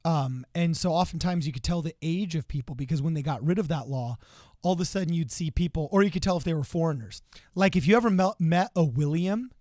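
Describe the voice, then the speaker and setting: A man's voice: a little high, fast talker, darkish tone, no echo, clean studio sound. A man co-hosting a casual political podcast, chatty and storytelling, dropping in Spanish phrases. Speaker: podcast co-host.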